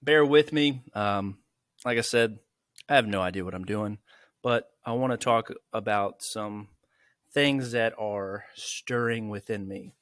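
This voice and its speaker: Man, casual podcast host, rambling and self-deprecating, bright forceful voice. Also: fairly low pitch, a little slow, no echo.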